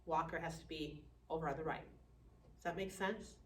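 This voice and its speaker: A woman teaching a class on dementia care, lively, acting out family members and residents. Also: deep voice, moderate pace, slight background noise. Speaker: dementia educator. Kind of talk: classroom lecture. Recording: echoey room from far off.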